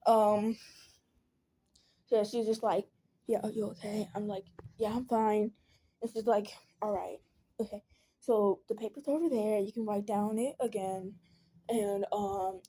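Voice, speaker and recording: A woman's voice: on the high side, dark tone. A teenage girl telling a personal story in a casual storytime vlog. She rambles, fills her talk with "like" and "um", and acts out the people she quotes.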